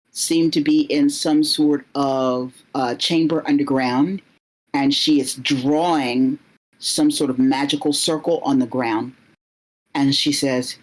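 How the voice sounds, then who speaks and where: A woman narrating a story as she recounts a vision, halting and searching for words as she goes. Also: low voice, darkish tone, rough recording. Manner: halting, many fillers and restarts.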